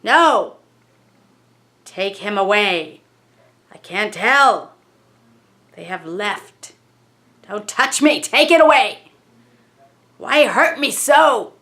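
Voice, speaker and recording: A woman's voice: medium pitch, lively intonation, drawn-out words, long pauses, sharp tone, heavily acted. A woman voicing a distressed male spirit who speaks through a medium, crying out in frightened, broken pleas. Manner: pleading, frightened, broken repeated cries. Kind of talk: dramatic story reading.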